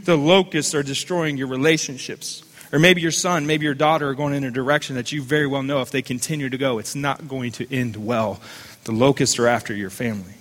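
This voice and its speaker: A man's voice: mid-range voice, steady tone, fairly quick, fairly bright tone, long reverb tail. A man preaching a sermon as the pastor of a church, calling on listeners to repeat phrases back to him. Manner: fervent preaching with call-and-response.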